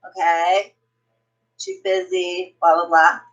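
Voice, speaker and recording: Woman putting on a calm male assistant, flat, dismissive, low, soft. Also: takes it slowly, lo-fi sound, faint music behind. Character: calm male assistant turning someone away.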